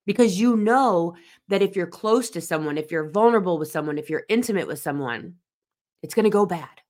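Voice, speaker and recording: Low-voiced earnest woman host. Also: expressive, fairly quick, darkish tone. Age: 40s. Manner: earnest, emphatic repetition. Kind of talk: personal reflective monologue.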